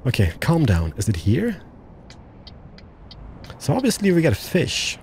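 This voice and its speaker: A man's voice: on the high side, wildly swooping pitch, measured pace, a little mellow, a little hiss or hum. A man giving casual, joking, exclamatory commentary while playing a truck driving game. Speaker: let's-play gamer.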